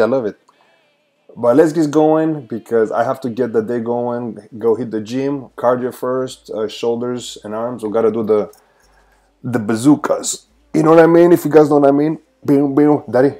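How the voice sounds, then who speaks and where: A man in the chatty, upbeat manner of a streamer calls out his viewers by name and laughs easily. His voice is dark and mellow, sitting in a middling pitch. He also serves as a pastor and turns earnest when he prays. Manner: shifts into an earnest prayer. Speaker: livestream host and pastor. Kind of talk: casual livestream chat.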